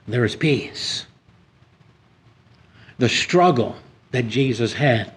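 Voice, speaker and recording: A man preaching a sermon in a church. He reads scripture aloud and rises emphatically on key points, with some hesitant restarts. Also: medium pitch.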